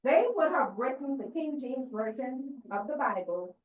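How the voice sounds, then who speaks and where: A woman's voice: sits high, animated, normal speed. Woman teaching scripture, echoey and distant. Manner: questioning, checks in with listeners. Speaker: church lecturer. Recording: distant echoey dull room recording.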